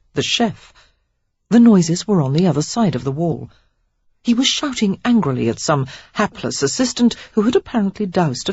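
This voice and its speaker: An audiobook narrator reading a romance novel in steady, expressive storytelling. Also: mid-range voice, breathy edge, no room sound. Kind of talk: scripted narration. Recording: dull lo-fi dry recording.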